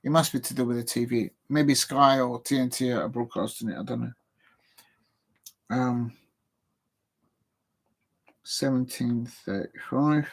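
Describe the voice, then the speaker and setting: Man, football stream host, casual rambling, self-deprecating, chatting to viewers, mid-pitched voice. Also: steady tone, a little slow, gravelly, long pauses, husky. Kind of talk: casual live-stream chat with predictions.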